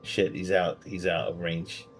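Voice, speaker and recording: Slow, rambling man streaming a game. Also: low-pitched, level tone, soft background music. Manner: rambling, laughs at his own jokes; reads viewer questions aloud. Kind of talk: casual livestream commentary. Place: home bedroom.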